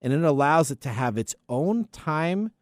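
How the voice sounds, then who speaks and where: A male podcast host talks through tech stories in a loose, rambling way and keeps tripping over names. His pitch swings widely and his delivery is animated. The close studio mic sounds dry, with no room echo. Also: moderate pace. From US Pacific Northwest. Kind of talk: casual tech podcast chat.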